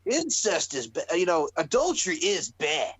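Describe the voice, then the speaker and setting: A man co-hosting a casual wrestling podcast, excitable, laughing and swearing as he talks. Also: high-pitched, moderate pace, breathy edge, no room sound. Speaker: podcast co-host.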